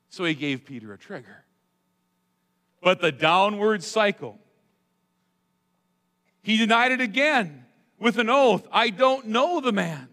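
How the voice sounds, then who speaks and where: A male pastor preaching a sermon, dramatic, swinging between loud emphatic lines and hushed asides. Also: very high-pitched, a little slow, long pauses. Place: church sanctuary. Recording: long hall reverb.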